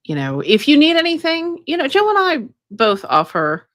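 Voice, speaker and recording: A woman's voice: high voice, wildly swooping pitch, normal speed, a bit bright, dry recording, clean studio sound. A woman co-hosting a casual live stream about energy healing, rambling with many fillers. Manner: rambling, many ums and you-knows. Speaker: co-host, energy healer.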